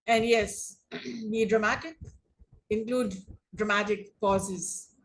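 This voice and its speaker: A woman teaching an online English class on debating, speaking deliberately and often rephrasing her points. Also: medium pitch, steady tone, poor audio. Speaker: English lecturer.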